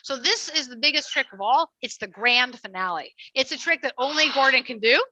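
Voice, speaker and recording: Bright-voiced woman cheering on trick birds. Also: high-pitched, expressive, a little fast, dry recording, poor audio. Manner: upbeat, coaxing, cheers the birds on. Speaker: parrot trainer and show presenter. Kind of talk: live family animal show presenting.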